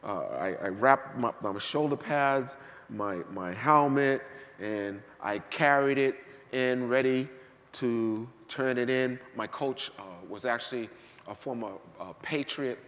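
Male pastor, animated sermon delivery, hushed to shouting, big church hall reverb. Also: medium pitch, takes it slowly. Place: church sanctuary.

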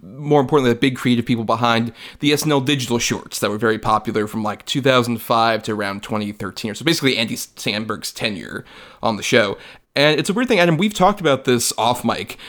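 A young man talks through a movie review on a podcast, rambling along with plenty of "like"s and casual swearing. His pitch sits at an ordinary middle height. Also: fairly quick, fairly bright tone. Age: young adult. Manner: rambling, many filler likes, swears casually. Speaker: podcast co-host. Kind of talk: casual film review chat.

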